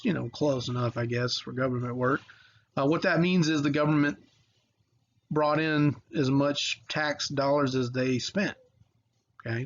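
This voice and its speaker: A man's voice: medium pitch, muffled recording, a little hiss or hum. A man teaching a recorded history video lesson in a casual, rambling way with lots of fillers and restarts.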